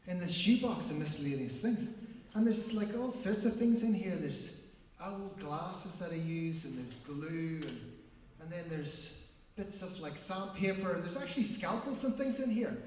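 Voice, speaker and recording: A man's voice: high voice, animated, normal speed, a little mellow. Rambling man in echoey hall. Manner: rambling, repetitive, self-mocking. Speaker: performance artist. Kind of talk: live performance monologue. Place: large gallery hall with an audience. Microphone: distant room mic. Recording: echoey hall recorded from far off.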